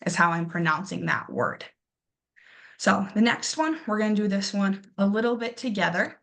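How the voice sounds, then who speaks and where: A young woman teaching an English lesson, talking with fillers and encouragement and slowly drawing out words to model their pronunciation. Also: mid-range voice, fairly bright tone. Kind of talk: classroom lesson explaining pronunciation.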